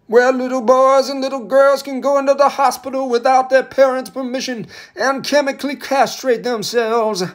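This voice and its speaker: A man's voice: very high-pitched, pitched above the performer's own voice. A man putting on a mocking impression of a preaching orator, in a swooping sing-song delivery. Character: shrill mocking parody of a male preaching orator.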